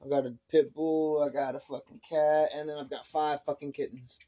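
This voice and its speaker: A man's voice: on the high side, little pitch movement, normal speed, mellow. A man rambling in a hesitant, profane way on a casual podcast, with lots of filler words. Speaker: podcast co-host.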